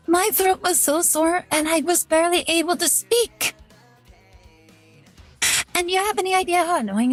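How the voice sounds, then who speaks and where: A young woman hosting a live stream, chatting to her viewers in a loose, rambling way and leaning on "like" constantly. Her voice sits high. Soft music plays faintly behind her. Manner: rambling, chatty, heavy use of "like". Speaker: VTuber streamer. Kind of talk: casual live-stream chat.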